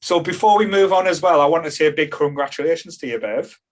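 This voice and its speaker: A man's voice: a little high, animated, fast. A man hosting a podcast in casual chat, rambling with fillers and restarts and laughing easily. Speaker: podcast host.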